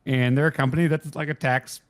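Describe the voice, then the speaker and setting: A man's voice: medium pitch, fairly even intonation, brisk. A man co-hosting a podcast, explaining things in a rambling, wry way with lots of fillers. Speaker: podcast co-host. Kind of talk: casual chat.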